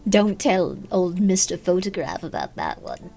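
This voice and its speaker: A woman voicing an ancient, decaying old shopkeeper woman with a put-on British accent, speaking low and half-whispered. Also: wildly swooping pitch, a little slow, gravelly, warm tone, faint music behind, exaggerated voice. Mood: wry.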